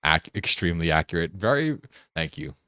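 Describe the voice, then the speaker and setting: A man streaming a game, chatting casually, joking and laughing often, and getting excited as he rambles. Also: low-pitched, a little fast, clean tone, dry recording, clean studio sound. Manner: gets excited and rambling when riffing. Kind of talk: casual live-stream chat while gaming.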